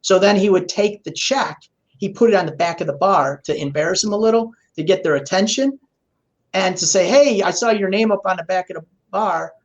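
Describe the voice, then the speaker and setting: A man being interviewed as a guest, telling a long business story in an animated way and acting out the people in it. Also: high voice, fairly quick. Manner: animated storyteller who acts out quoted people. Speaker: guest, ATM business owner. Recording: muffled lo-fi remote audio.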